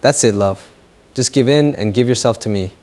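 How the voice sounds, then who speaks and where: A man voicing a possessive, menacing young lover who taunts slowly in an audio fan fiction story. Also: medium pitch, darkish tone, close to an everyday voice. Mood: taunting. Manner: slow, taunting, mocking.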